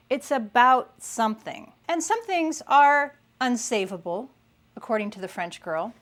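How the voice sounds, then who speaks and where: A woman with a fairly high voice talks through a thrift haul in a casual fashion vlog. Her delivery is chatty and playful, and she leans on emphasis to make her points. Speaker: style vlogger.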